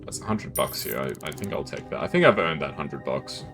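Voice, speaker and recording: A man's voice: a bass voice, animated, a little fast, over music. A man casually commenting as he streams a detective game, playful and self-deprecating, breaking into giggles.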